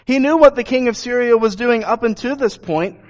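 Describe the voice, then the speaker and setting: Brief: earnest male preacher reading and explaining scripture, high voice, dull lo-fi sound. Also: a little fast. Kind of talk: Bible reading and sermon. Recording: dull lo-fi recording.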